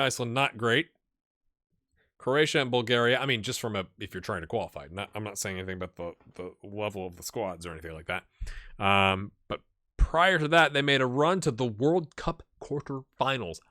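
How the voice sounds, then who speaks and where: A man's voice: fairly low pitch, pushed and bright, dry recording, studio quality. A man hosting a gaming channel, casually commenting on a management game, chatty and thinking aloud with rhetorical questions.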